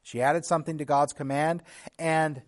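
A man preaching a sermon as a pastor, teaching in an earnest tone, with restarts and occasional throat clearing. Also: a little high, steady tone, moderate pace.

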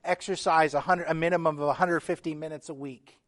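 Earnest pastor preaching, fairly high voice. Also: male voice, steady tone, fairly quick, fairly bright tone. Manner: earnest preaching, building emphasis with repeated phrases; reads scripture aloud with feeling. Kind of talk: sermon.

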